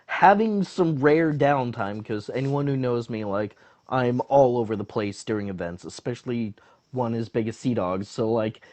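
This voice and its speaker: A man, a podcast guest, telling a rambling story in casual chat, full of fillers and restarts. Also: medium pitch.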